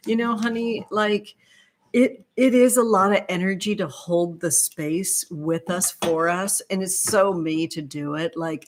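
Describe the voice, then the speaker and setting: A woman hosting a tarot livestream, chatting warmly with viewers and gushing over their comments with pet names. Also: mid-range voice, slight background noise. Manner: effusive, gushing, calls viewers sweetheart. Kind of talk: live-stream chat with viewers.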